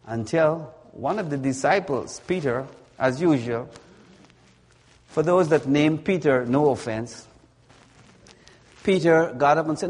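A man preaching a sermon in a slow, deliberate way, leaning on words through repetition. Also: a little high, darkish tone, breathy edge. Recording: long hall reverb.

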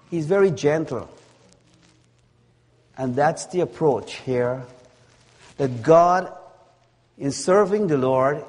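A man preaching a sermon in a slow, deliberate way, leaning on words through repetition. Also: on the high side, darkish tone. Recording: long hall reverb.

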